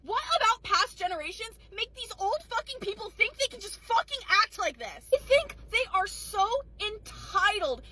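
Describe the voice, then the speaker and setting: A young woman in her late teens tells an exasperated story from her waitressing shift. Her voice is very high and bright. It swoops up and down, and she swears freely. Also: very animated, normal speed, few pauses. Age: young adult. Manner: profane, exasperated. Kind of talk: angry storytime rant.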